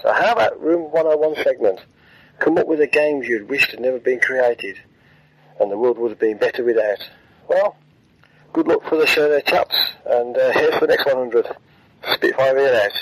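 Man, friendly listener message, husky, dry close sound. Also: medium pitch, normal speed, no room sound, poor audio.

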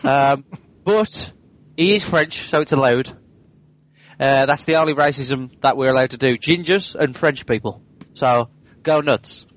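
A man's voice: medium pitch, measured pace, a bit bright, rough recording. A man co-hosting a casual game podcast, talking chattily with jokey asides. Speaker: podcast co-host.

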